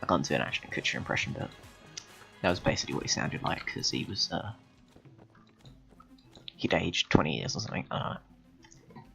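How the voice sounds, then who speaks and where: A man rambling through an absurd, deadpan story with frequent swearing while commentating on a game. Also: deep voice, a little fast, vocal fry, pauses often, faint music behind. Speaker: gaming video host. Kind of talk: rambling comedic gameplay commentary.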